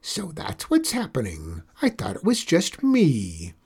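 A man reading a storybook and voicing an excitable, lonely old female witch in a raised, pleading voice. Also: on the high side, a little slow, husky, pitched above the performer's own voice, exaggerated voice. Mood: eager.

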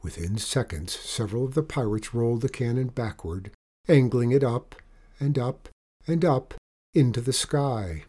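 Male storyteller, mellow tone, lively read-aloud of a children's adventure. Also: medium pitch, normal speed, slightly rough. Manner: expressive, animated story reading.

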